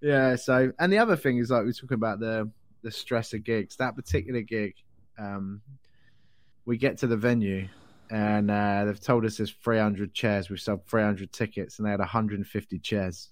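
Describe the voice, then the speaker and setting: A man's voice: lowish voice, moderate pace, no echo, clean studio sound. A man, a comedian and promoter, chatting casually on a podcast, swearing freely and acting out what people said. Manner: swears freely, acts out quotes in a raised voice.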